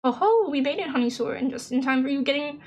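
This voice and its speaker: A woman's voice: high-pitched, lively intonation, quick pace. A woman voicing a jolly old harbour skipper who talks in hearty, folksy sailor slang.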